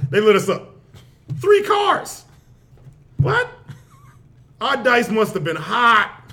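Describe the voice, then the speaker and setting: A man with a strikingly high voice that swings widely as he tells stories. He talks in loose, profane podcast chat, building his stories up and breaking into laughter along the way. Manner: profane, animated storytelling with frequent laughter. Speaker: podcast host. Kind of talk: casual chat.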